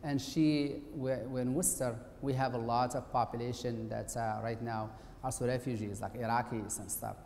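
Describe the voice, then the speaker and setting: A man's voice: medium pitch, fairly even intonation, normal speed, gravelly, few pauses, a little mellow. A middle-aged man, an occupational therapist, giving a conversational, somewhat hesitant presentation lecture in a university auditorium. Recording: echoey hall with faint hiss.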